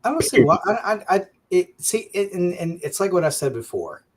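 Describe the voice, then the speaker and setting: A man's voice: high voice, very animated, normal speed, noisy background. A man co-hosting a casual talk show, pushing his political view with insistent repetition and frequent restarts. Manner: insistent, repeats his points, stumbles over restarts.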